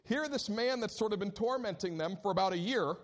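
A man preaching a sermon as pastor, telling a scripture story with animated delivery and acted-out moments. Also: high voice, brisk. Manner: animated storytelling, acting out scenes.

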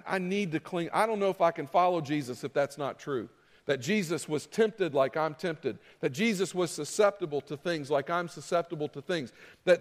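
A male pastor delivers a sermon with a noticeably high voice. He talks to the congregation as if chatting with them and plays out their objections in their own voices. The room behind him rings with the long reverb of a big hall. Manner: conversational, acting out listeners' objections.

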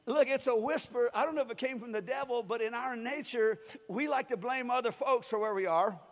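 Man, pastor, very high voice, joking conversational sermon, shouted peaks, long hall reverb. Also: fairly quick, hardly any pauses.

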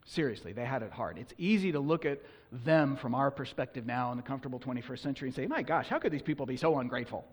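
A man preaching a sermon as pastor, animated, sometimes acting out the people he quotes. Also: medium pitch, fast talker, few pauses, husky. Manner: animated, acts out quoted complaints. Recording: long hall reverb.

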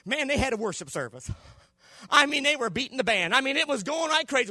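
Animated high-voiced preacher man. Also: fast, no echo, studio quality. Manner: animated preaching that swings from shouting to hushed low tones. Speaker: pastor. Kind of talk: sermon.

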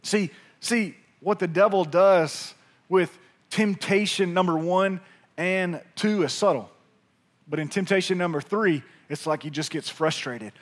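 A man preaching a sermon, energetic and speaking straight to his congregation. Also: sits high, measured pace. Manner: energetic, talks to the congregation directly. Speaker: pastor.

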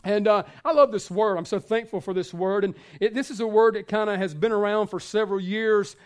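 A man's voice: high-pitched, brisk, smooth. A male pastor giving a sermon in a conversational way, with many fillers and restarts.

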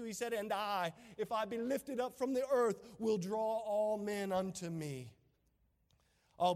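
A male pastor with a drawl, preaching an impassioned sermon that swings between loud emphasis and hushed asides. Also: sits high, in a large hall.

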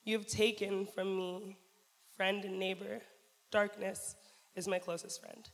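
A woman's voice: medium pitch, little pitch movement, measured pace. Lady reading scripture all earnest and pleading, echoey hall. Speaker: volunteer reader. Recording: reverberant hall.

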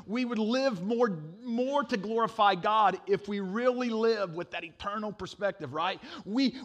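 A middle-aged man preaching a sermon, telling a funny story with animated swings from loud to hushed. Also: high voice. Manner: animated storytelling, sudden drops to a hush. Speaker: pastor.

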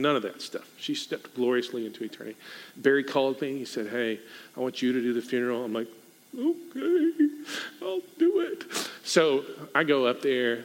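A man preaching a sermon as pastor, animated and acting out the people in the story. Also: medium pitch. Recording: echoey hall.

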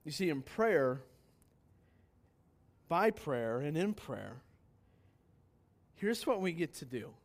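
A man with a high voice preaches an emphatic sermon. He drives points home with rhetorical questions and drops to quiet asides between louder declarations. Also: big pitch swings, slow pace, pauses often. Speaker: pastor.

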